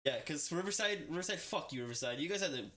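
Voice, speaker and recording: A man's voice: a little high, expressive, quick pace, a bit bright. A young man co-hosting a casual podcast, giving blunt opinions with free swearing and frequent laughs. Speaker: podcast co-host. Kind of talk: casual chat.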